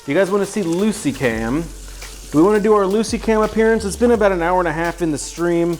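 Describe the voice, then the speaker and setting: This streamer has a high voice with lively intonation and talks fast. He's cooking live from his home kitchen, chatty and joking, often making fun of himself.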